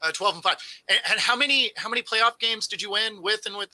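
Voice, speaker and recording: A man co-hosting a sports talk show, relaxed and teasing, with easy laughter and hesitant restarts. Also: sits high, fast, no echo, rough recording. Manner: relaxed, sarcastic, laughs easily. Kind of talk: casual sports debate.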